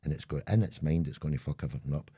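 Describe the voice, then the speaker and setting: A man's voice: rumbling low, rapid-fire, mellow, slightly rough. A Scottish man, the older co-host of a chat show, telling rambling stories and acting out voices along the way. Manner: rambling storyteller, acts out voices. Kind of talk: casual chat.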